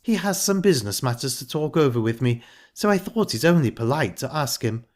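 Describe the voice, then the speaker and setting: A man's voice: mid-range voice, animated, brisk, pitched above the performer's own voice, close to an everyday voice. A man voicing a shallow, easily offended widowed stepmother who talks in a prim, indignant way. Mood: huffy, prim.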